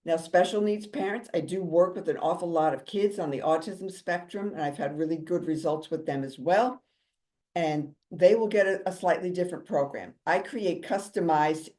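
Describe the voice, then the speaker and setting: Upbeat, soothing-voiced woman giving a motivational talk. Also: low-pitched. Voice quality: calming, soothing voice. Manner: upbeat, chatty, jokey. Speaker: drum therapist and inspirational speaker.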